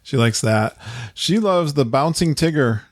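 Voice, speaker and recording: A man's voice: on the high side, lively intonation, a little slow, no echo, clean studio sound. A man hosting a podcast in casual chat, chatty and laughing often. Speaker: podcast host.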